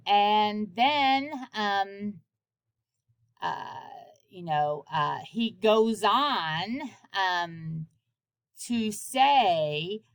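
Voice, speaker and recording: Woman presenter, casual plot recap, slow, filler-heavy, dry sound. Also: medium pitch, fairly bright tone, dry recording. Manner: filler-heavy, conversational, dramatizing quotes. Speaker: presenter of a library program.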